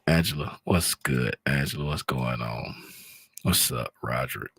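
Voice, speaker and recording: A man's voice: very deep voice, a little slow, creaky, a bit bright, breathy edge, no echo. A man hosting a trading livestream, joking loosely with viewers and greeting them by name before teaching. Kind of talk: casual livestream chat and teaching. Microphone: talks close to a microphone.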